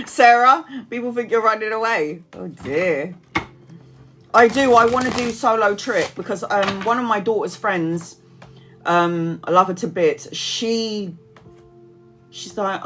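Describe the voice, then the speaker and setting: A woman's voice: medium pitch, takes it slowly, long pauses, faint music behind. A woman in her forties, a tarot reader chatting casually to viewers on a live stream, rambling, laughing often and reading out comments.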